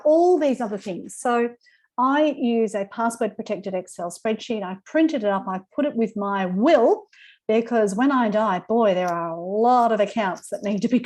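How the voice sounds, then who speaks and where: A woman's voice: a little high, a little mellow. A woman with an Australian accent giving an informal online presentation, in a chatty manner. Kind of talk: webinar presentation.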